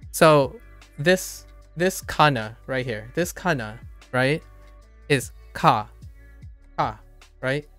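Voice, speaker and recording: A man's voice: medium pitch, lively intonation, slow, long pauses, fairly bright tone, faint music behind. A man streaming a casual lesson on Japanese sounds, rambling, correcting himself and laughing often. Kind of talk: casual live-stream explanation.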